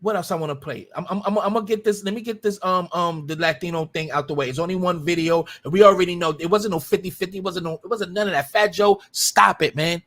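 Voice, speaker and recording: A man's voice: high-pitched, fast, few pauses, a bit bright. Combative man ranting on a livestream. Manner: combative, profane, repetitive. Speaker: live stream host. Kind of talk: heated livestream commentary.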